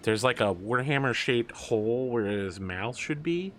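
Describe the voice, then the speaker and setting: A man's voice: medium pitch, animated, fairly bright tone, slight background noise. Man running a tabletop game. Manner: describes actions in quick, halting bursts with fillers. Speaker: game master.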